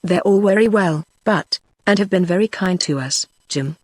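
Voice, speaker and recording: A text-to-speech voice reading the lines of a rough-spoken young sailor lad with a dry sense of humour. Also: mid-range voice, moderate pace, dry recording, lightly acted. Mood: blunt. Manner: dialect-heavy, dry-humoured talk.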